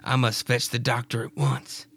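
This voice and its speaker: A man playing a stern, superstitious farmer husband with a gravelly voice and a put-on Scottish accent. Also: medium pitch, flat delivery, moderate pace, fairly bright tone. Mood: earnest. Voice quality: gravelly, raspy.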